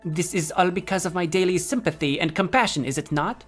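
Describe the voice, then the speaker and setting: A man's voice: high-pitched, a little fast, fairly bright tone, faint music behind. A man voicing a haughty, elegant young woman gambler, reading game dialogue in a bogus put-on French accent with a lofty, self-satisfied manner.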